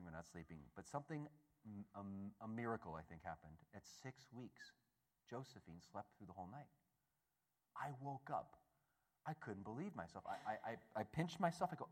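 A man giving a storytelling talk to an audience, animated and acting out voices, often stammering and restarting. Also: a little high. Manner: animated, acts out the voices in his stories. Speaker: speaker at a Catholic gathering.

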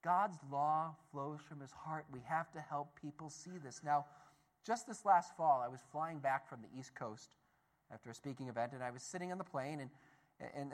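A man giving a talk as a Catholic speaker, telling a story to an audience in an animated way, swinging between loud and soft. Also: a little high.

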